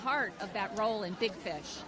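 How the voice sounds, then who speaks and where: A woman's voice: medium pitch, normal speed, a crowd in the background, noisy background. A woman interviewing nominees outdoors at a crowded event, full of effusive praise. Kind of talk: red-carpet interview.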